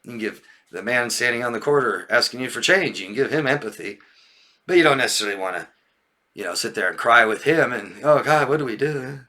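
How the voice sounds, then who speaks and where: A man coaching viewers in casual talk, animated, with frequent laughs and checks like "yeah?", mimicking friends in raised mocking voices. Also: mid-range voice, fast. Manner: occasional swearing. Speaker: relationship coach.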